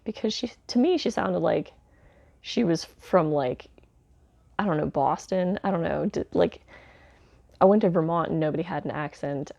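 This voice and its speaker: A woman's voice: fairly low pitch, expressive, moderate pace, creaky, dark tone, no room sound, dull audio. A woman giving a casual spoken film review, chatty and candid, with lots of fillers like "um" and "like". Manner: candid, mildly sardonic asides. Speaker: home video reviewer.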